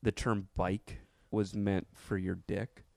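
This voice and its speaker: Gravelly low-voiced man joking. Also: level tone, takes it slowly, darkish tone, no room sound. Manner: joking, storytelling, acts out voices. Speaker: podcast co-host. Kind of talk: casual crude comedy chat.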